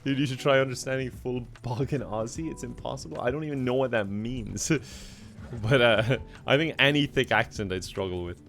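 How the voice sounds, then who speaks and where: A man's voice: medium pitch, a little fast, vocal fry, a bit bright, soft background music. A young Irish man chatting casually on a live game stream, laughing often and thanking viewers. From Ireland.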